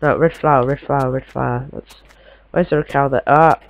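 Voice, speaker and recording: A man's voice: medium pitch, fairly even intonation, fairly quick, gravelly, highs cut off. A man giving casual, chatty gameplay commentary, muttering to himself and swearing mildly as he plays.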